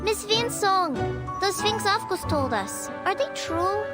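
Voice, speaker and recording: A curious village child bursts with wide-eyed questions in a game scene. The voice is very high and leaps around, with music playing clearly behind. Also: female voice, animated, slow pace, heavily acted. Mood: eager.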